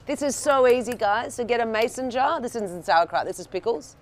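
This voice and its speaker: A woman's voice: fairly high pitch, lively intonation, fairly quick. A woman teaching a cooking workshop to a live group, chatty and checking in with the audience, often restarting her sentences. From Australia. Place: indoor workshop room with an audience.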